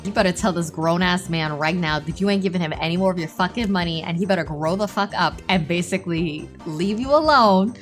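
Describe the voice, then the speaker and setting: A woman's voice: on the low side, fairly quick, few pauses, faint music behind, voice pushed down, close to an everyday voice. A woman doing a stern, exasperated mom. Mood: scolding. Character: stern, exasperated mother scolding her daughter.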